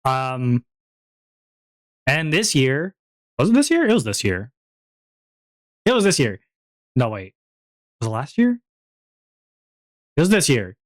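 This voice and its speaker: A man's voice: mid-range voice, wildly swooping pitch, takes it slowly, pauses often, no room sound. A young man chatting casually on a stream, rambling, repeating himself and laughing often. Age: young adult.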